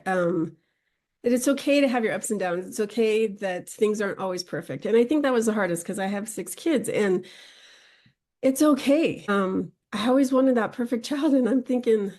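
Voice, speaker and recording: A woman's voice: medium pitch, expressive, moderate pace, a little mellow. A woman hosting a podcast, talking in an earnest, encouraging way and speeding up when she makes a point. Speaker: podcast host. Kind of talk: casual podcast conversation.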